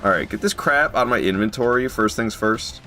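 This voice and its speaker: A man streaming a video game, chatting casually with his viewers and joking, who jumps into high yelps when something surprises him. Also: brisk, pushed and bright, faint music behind. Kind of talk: casual live gameplay commentary.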